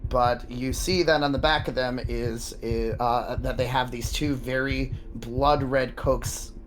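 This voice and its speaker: Hombre casual narrando partida de rol. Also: male voice, medium pitch, unhurried, a little hiss or hum. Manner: casual, filler-heavy, relaxed. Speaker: game master. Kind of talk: narrating a tabletop game.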